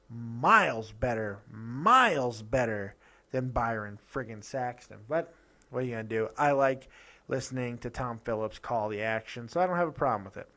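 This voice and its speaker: A man hosting a casual wrestling review show, ranting with quick asides and restarts. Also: medium pitch, fairly bright tone. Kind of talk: casual opinionated review talk.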